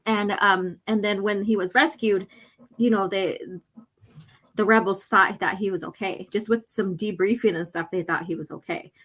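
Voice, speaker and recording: Woman host, casual livestream chat, rambling, throat clearing. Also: mid-range voice, steady tone, moderate pace, a bit bright. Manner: rambling, lots of fillers. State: irritated throat, clearing it often. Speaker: host reading a comic aloud.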